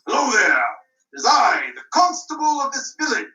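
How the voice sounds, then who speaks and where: A woman voicing a pompous, bossy village constable who loudly announces his patrol in a puppet show. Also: sits high, very animated, moderate pace, pitched above the performer's own voice, exaggerated voice. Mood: proud. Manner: loud, self-important proclamations. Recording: roomy, mic at a distance.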